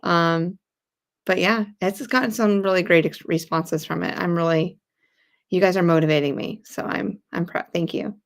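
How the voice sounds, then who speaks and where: A woman's voice: on the low side, fairly even intonation, normal speed, creaky. A woman from New York with a New York accent, co-hosting a casual sewing livestream in an easygoing way. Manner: easygoing, lots of agreeing murmurs. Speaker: co-host.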